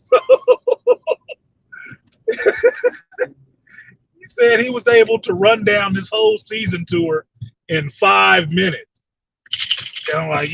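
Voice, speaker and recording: A man hosting a casual fan chat show, reading viewer comments, animated, laughing often and swearing freely. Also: sits high, measured pace, vocal fry, pauses often. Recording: slightly distant dull mic with faint noise.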